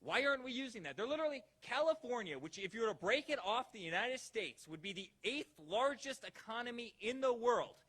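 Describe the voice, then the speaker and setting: A man's voice: extremely high pitch, animated, fairly quick, hardly any pauses, a bit bright. A man giving a rousing campaign rally speech, firing off repeated rhetorical questions at the crowd. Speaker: political rally speaker.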